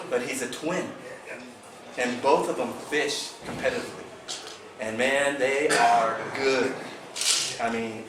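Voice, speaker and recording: A man telling a fishing tournament story at a club meeting, acting out the quotes with animation. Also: mid-range voice. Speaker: fishing team member recapping a tournament. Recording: echoey room from far off, noisy.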